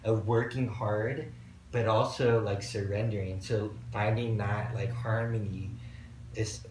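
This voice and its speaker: A man hosting a podcast, musing in a relaxed, reflective way with many fillers. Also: fairly low pitch, a little slow. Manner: laid-back, reflective, filler-heavy. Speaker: podcast host. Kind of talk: casual conversation. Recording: roomy echo, distant mic, faint background noise.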